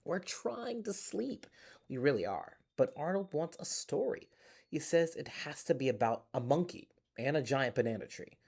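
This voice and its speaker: A man reading a bedtime picture book aloud to children in a gentle, playful storyteller voice, recorded on a phone in a closed library. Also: mid-range voice, animated, normal speed.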